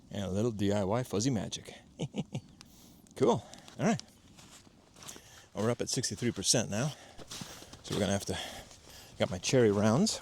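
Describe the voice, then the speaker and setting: A man with a lowish voice talks loosely and swears freely while he works a fire outdoors, explaining each step as he goes. He pokes fun at himself and sounds a little stuffy from a cold. The camera mic picks up faint background noise. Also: creaky, darkish tone. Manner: chatty, profane, self-mocking, explains as he works. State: has a cold. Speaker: DIY homestead vlogger. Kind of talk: casual outdoor tutorial vlog. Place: outdoors at a fire pit in a valley.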